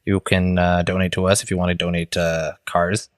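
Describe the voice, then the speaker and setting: A man's voice: deep voice, level tone, a little fast, smooth, dry recording. A young man co-hosting a casual podcast, teasing his friend and laughing a lot, close to a studio mic with a pop screen. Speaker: podcast co-host. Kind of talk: casual chat.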